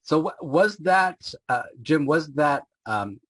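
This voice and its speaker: A man's voice: fairly high pitch, lively intonation, slow, low-quality recording. A man hosting a comics interview, asking long, rambling questions full of uhs. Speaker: podcast host.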